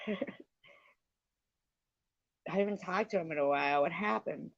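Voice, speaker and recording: A woman's voice: lowish voice, measured pace, creaky, no room sound, lo-fi sound. A woman hosting a livestream, telling a rambling casual story, swearing freely and breaking off to thank viewers. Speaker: livestream host.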